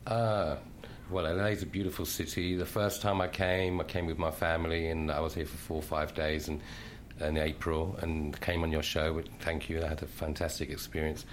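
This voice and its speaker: Very deep-voiced British man. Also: level tone, normal speed, a little hiss or hum. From United Kingdom. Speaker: guest. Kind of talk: casual radio interview. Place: radio studio.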